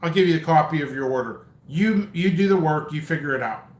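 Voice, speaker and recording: In brisk, expressive speech, a man with a slightly high voice who sells seeds and hosts his own channel delivers a long, stammering, exasperated vlog rant. It's recorded in an echoey room.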